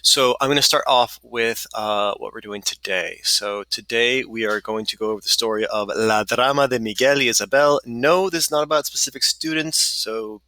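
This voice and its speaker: Bright-voiced male teacher, dry close sound. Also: medium pitch, normal speed, hardly any pauses, no echo. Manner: chatty, self-correcting, explains as he goes. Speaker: Spanish teacher. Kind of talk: recorded class lesson, reading and explaining.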